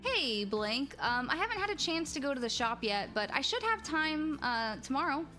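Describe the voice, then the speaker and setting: A woman's voice: high voice, sing-song, normal speed, sharp tone, soft background music, full character voice. A woman reading as an awkward, uneasy young woman. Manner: hesitant, awkward.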